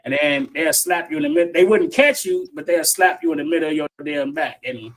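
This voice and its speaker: A man hosting a livestream and telling an animated, profane childhood story in casual slang, laughing often. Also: on the high side, brisk. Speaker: stream host. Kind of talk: casual group chat on a livestream. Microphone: online call.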